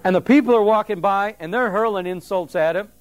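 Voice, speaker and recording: Guy preaching, high voice, chatty and animated, dry close sound. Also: a little fast, dry recording. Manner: conversational, animated preaching with asides to the congregation. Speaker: pastor. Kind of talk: sermon.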